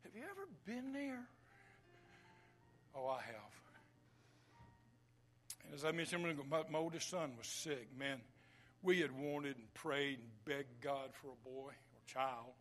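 A man preaching a sermon, swinging between loud declarations and hushed whispers. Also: medium pitch, lively intonation, a little slow, pauses often.

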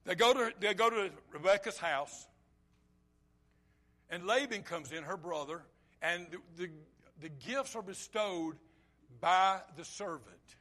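A man with a notably high voice preaches a sermon. He moves between loud, emphatic lines and quiet, low asides, and slips into short acted-out bits of dialogue. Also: measured pace, long pauses. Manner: acts out short quoted dialogue.

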